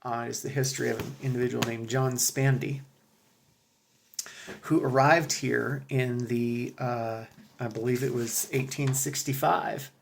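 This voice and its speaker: A man talking casually to his viewers, halting with fillers and restarts, then reading a passage aloud. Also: mid-range voice, fairly even intonation, creaky, a little hiss or hum. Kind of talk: casual commentary with a read-aloud excerpt.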